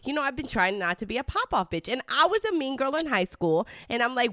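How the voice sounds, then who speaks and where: A woman's voice: on the high side, very animated, a little fast, few pauses, a bit bright, no echo, studio quality. A woman from Detroit hosting a casual chat, talking about herself in a blunt, candid way.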